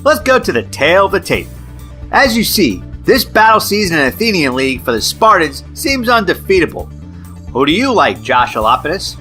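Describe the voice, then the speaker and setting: A brash, hyped-up male sports anchor, put on by a man in a mock broadcast. His patter is punchy and swings up and down in pitch. The tone is bright and forceful. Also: very animated, normal speed, soft background music, exaggerated voice.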